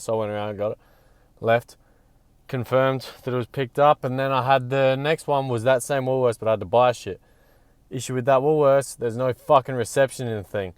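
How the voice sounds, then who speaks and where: A man's voice: mid-range voice, steady tone, fairly quick, darkish tone, smooth, no echo. A young man vlogging casually to camera, blunt and full of swearing, at times out of breath. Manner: blunt and profane, talking to camera. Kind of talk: casual vlog talk.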